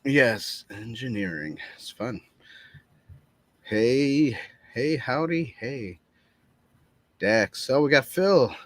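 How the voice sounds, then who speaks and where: A man's voice: medium pitch, lively intonation, extremely slow, pauses often, dry recording. A man co-hosting a live podcast, chatting casually and stumbling over names while reading comments aloud. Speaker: podcast co-host. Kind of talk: casual live-stream chat.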